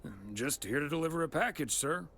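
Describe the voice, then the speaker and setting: An actor playing a courteous mail carrier who speaks politely and makes light jokes. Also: male voice, fairly high pitch, expressive, brisk, fairly bright tone. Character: polite, good-natured male mail carrier.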